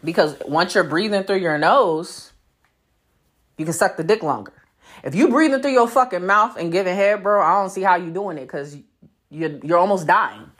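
Animated woman podcast host with a widely ranging pitch, blunt, profane and quick to laugh. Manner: animated, swooping delivery. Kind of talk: casual podcast monologue.

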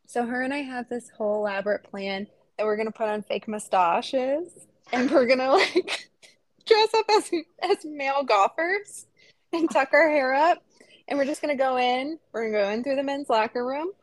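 A woman in her thirties with a high voice co-hosts a podcast, telling stories in casual chat and laughing often. She speaks at a normal pace, with no room sound on the recording.

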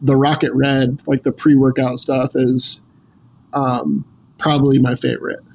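A man's voice: medium pitch, little pitch movement, unhurried, gravelly, a little mellow, a little hiss or hum, poor audio. A man chatting casually as a podcast guest, rambling with many restarts. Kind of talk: casual chat.

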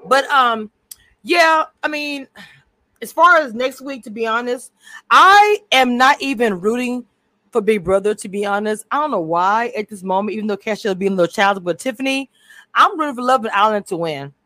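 A woman's voice: a little high, expressive, moderate pace, bright, forceful tone, no room sound. A woman co-hosting a casual recap chat over a video call, talkative and prone to drifting off topic with many restarts. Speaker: co-host.

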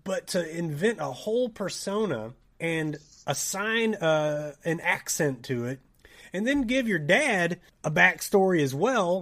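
Animated Tennessee man telling a story. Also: sits high, measured pace. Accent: Southern US, Tennessee. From Tennessee, USA. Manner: animated, laughing, swears, acts out quoted dialogue. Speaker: podcast co-host. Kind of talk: casual storytelling chat.

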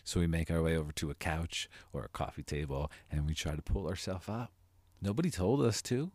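A man hosting a motivational podcast as a life coach, talking earnestly and building to emphatic, animated delivery. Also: sits low, normal speed, slightly rough, no echo.

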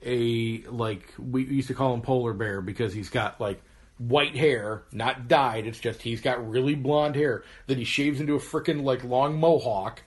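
A man's voice: mid-range voice, unhurried. A man co-hosting a podcast, telling stories in casual chat with lots of fillers and laughs. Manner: rambling storyteller, laughs often, many fillers. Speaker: podcast co-host.

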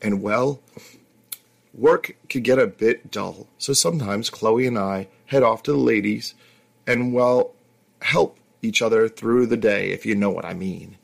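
A man with a gravelly voice voicing a bold, chatty young woman in a read-aloud story. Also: fairly low pitch, a little slow. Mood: frank.

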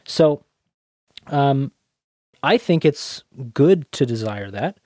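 A man's voice: medium pitch, lively intonation, slow pace, darkish tone, no room sound, clean studio sound. Thoughtful man musing with many ums. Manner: thoughtful, many fillers, quotes scripture. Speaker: podcast co-host. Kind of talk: conversational theological discussion.

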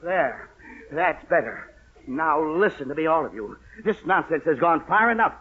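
A flustered, blustering father in a 1940s radio comedy, his high voice swinging up and down as he scolds the whole house. The tone is husky, and the sound is thin and tinny like an old radio broadcast. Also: animated, normal speed. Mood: scolding. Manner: blustering and scolding, stern lectures. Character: exasperated middle-aged father, head of household. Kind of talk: 1940s radio sitcom acting.

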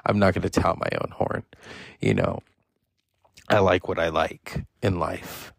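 A man hosting a film podcast, rambling in casual, profane, excitable talk. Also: low-pitched, measured pace, creaky, no room sound, clean studio sound. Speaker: schoolteacher. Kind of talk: casual solo podcast monologue.

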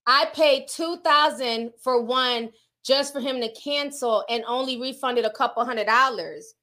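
A woman's voice: sits high, unhurried. A middle-aged woman from the northern US hosting a livestream, telling stories in casual chat and reading out viewer comments. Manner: chatty storytelling, animated quoted voices. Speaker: livestream host.

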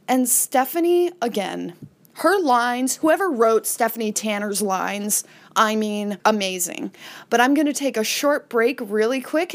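A woman with a fairly high voice hosts a podcast, retelling a sitcom episode in a loose, chatty way. She now and then slips into a quick acted-out line before going back to her easy recap. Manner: chatty, retells scenes with brief acted-out quotes. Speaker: podcast host.

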